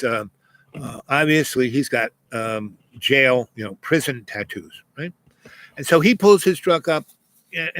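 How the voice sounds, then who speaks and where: A man's voice: mid-range voice, sharp tone, poor audio. A man telling a personal anecdote in a casual, rambling way, full of fillers and asides. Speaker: host telling a personal story.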